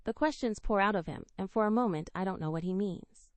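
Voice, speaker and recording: A woman narrating a first-person romance story with an emotional, expressive delivery. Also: medium pitch, a little fast, no room sound. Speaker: audiobook narrator.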